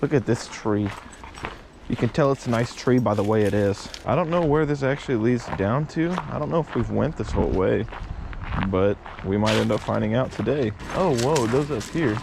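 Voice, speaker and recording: A man's voice: mid-range voice, moderate pace, creaky. A man casually vlogging on a hiking trail, talking to his viewers as guys, joking and chatty. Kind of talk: casual travel vlog. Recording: noisy outdoor recording.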